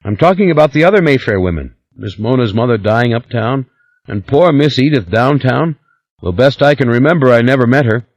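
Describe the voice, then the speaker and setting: A man's voice: mid-range voice, expressive, fairly quick, dry recording, pitched above the performer's own voice. A man reading an audiobook, voicing a worried, deferential male house servant who answers his boss in a rush. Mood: fretful.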